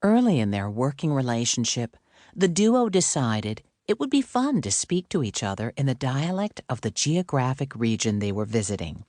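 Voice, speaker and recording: A mid-range male voice reads an audiobook script with calm, even storytelling. The sound is clean studio audio without room sound.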